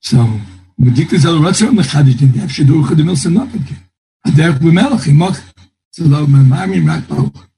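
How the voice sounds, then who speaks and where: Guy teaching talmud class, kinda husky, thinks out loud, lots of restarts. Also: fairly high pitch, expressive, brisk, poor audio. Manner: thinking aloud, restarts and quotes texts in a singsong. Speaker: Torah teacher.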